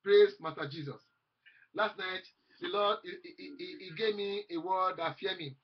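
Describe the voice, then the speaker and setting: A man's voice: high-pitched, fairly even intonation, normal speed, slightly rough, dull audio. A man preaching a fervent sermon, repeating phrases and quoting scripture aloud.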